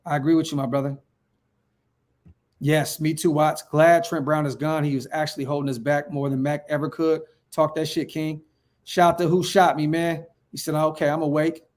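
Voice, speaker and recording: Slangy hype guy from norcal reading chat on a livestream, kinda high voice, keeps repeating himself. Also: level tone, moderate pace. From Northern California. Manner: hyped, slangy, repeats phrases. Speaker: fan channel livestream host.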